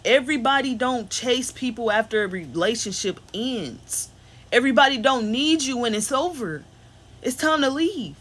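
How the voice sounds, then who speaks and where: A woman rants straight to her audience in a loose, rambling monologue, heavy on slang and blunt put-downs. Her voice sits fairly high for a woman. She keeps the tone emphatic from one thought to the next. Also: fairly bright tone. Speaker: spiritual reader. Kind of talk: unscripted venting monologue.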